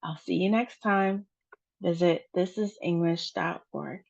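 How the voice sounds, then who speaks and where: A woman teaching English pronunciation in a slow, deliberate lesson, drawing out each model word. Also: fairly low pitch, creaky, darkish tone. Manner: drawn-out model words. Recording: dull, lo-fi recording.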